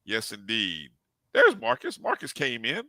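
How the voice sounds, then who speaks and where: A man hosting a streamed sports talk show, his bright voice moving lively up and down as he greets viewers by name. The sound is dry and close to the mic. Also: mid-range voice, unhurried, dry recording. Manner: animated, repeats greetings to each viewer by name.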